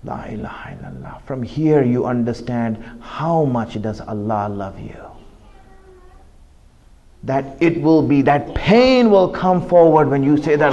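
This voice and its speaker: A man giving an impassioned sermon, swinging between loud pleading and hushed, quiet asides. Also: medium pitch, animated, measured pace, lo-fi sound. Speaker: preacher.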